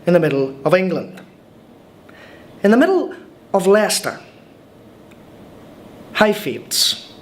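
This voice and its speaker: A man's voice: sits high, big pitch swings, slow pace, pauses often, exaggerated voice. A cheerful Irish newcomer, chatty and wide-eyed, telling his tale in a scripted film monologue. The Irish accent is there from the first line. He talks wryly and stumbles over a word now and then. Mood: wry storytelling. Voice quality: chatty, wry storytelling with hesitant restarts. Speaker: monologue narrator.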